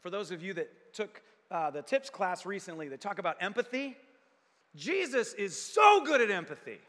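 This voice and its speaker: Brief: male preacher, sermon, high bright voice, dramatic dynamics, echoey hall. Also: big pitch swings, moderate pace. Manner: dramatic, swings from loud to hushed. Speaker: pastor.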